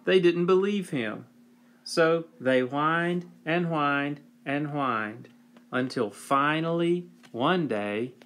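A man reading a picture book aloud for children in a gentle, playful way. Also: a little high, takes it slowly. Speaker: storybook reader.

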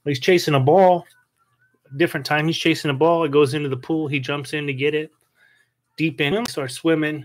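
A man's voice: on the high side, steady tone, normal speed. A man telling stories as a podcast co-host, emphatic and heavy on swearing. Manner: profane, emphatic, says dude a lot. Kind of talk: casual storytelling chat.

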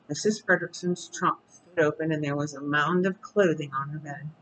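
A storyteller reading a chapter book aloud at bedtime in a calm, steady voice. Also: mid-range voice, rough recording.

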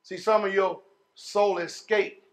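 A pastor with a high voice for a man preaches to his congregation. He stretches words slowly, then breaks into loud shouts before dropping low and quiet. His talk is folksy, full of "man" and "y'all.". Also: little pitch movement. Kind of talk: sermon.

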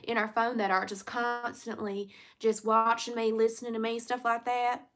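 A woman's voice: a little high, level tone, moderate pace, a bit bright, natural voice. A woman doing a ditzy, rambling, flirty caller. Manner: rambling, folksy bad grammar, playful teasing. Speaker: scambaiting prank caller. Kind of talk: prank phone call role-play.

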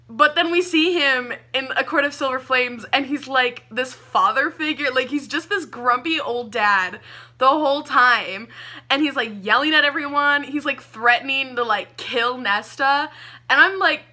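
Bright, gushing young woman. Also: high voice, unhurried. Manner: gushing, excitable, lots of "like" fillers. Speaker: book reviewer. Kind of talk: casual book talk.

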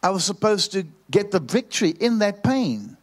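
A man's voice: sits high, sing-song, normal speed. A man preaching, telling a story and repeating phrases for emphasis. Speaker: pastor. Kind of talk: preaching sermon.

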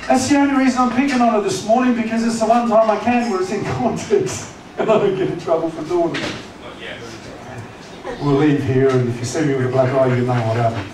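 A man's voice: high voice, a little fast. A man preaching a sermon as pastor, conversational and teasing, often asking the congregation questions. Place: church hall. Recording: echoey church hall, distant mic, noisy.

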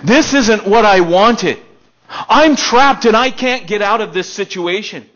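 A young American man preaching a casual storytelling sermon, animated, with loud excited bursts and quiet stretches. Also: high-pitched, a little slow. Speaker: pastor. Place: elementary school meeting room. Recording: dull lo-fi sermon recording.

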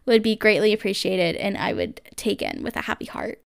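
This young podcast host talks casually on her solo show, gushing and filling her speech with "like" and "um." Her mid-range voice swoops wildly in pitch and sounds creaky, and she talks briskly. The recording is very noisy.

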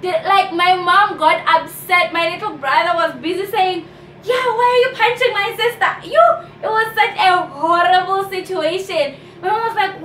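A young woman with a South African accent recounts a story for her vlog in an animated, chatty way. Her voice sits high. She is a little distant from the mic in an echoey room, with faint background noise. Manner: animated storytelling, often addresses viewers as "guys". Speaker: vlogger.

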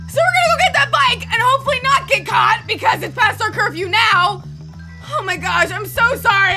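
A woman casually commenting on a video game as she plays, joking and chatty. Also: very high voice. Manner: playful, jokey, chatty, laughs a lot. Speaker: gameplay video host.

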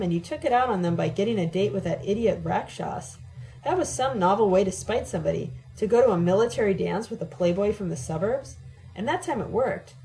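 A woman's voice: mid-range voice, warm tone, lightly acted, rough recording. A woman reading the part of an exasperated young man who presses with blunt questions, in an audiobook.

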